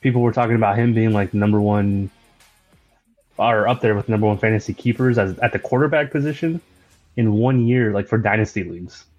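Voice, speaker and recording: A man with a lower voice co-hosts a sports podcast and talks football in a loose, rambling way. He leans on fillers as he chats, and faint music plays under him. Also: a little fast, darkish tone, muffled recording. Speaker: podcast co-host. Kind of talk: casual chat.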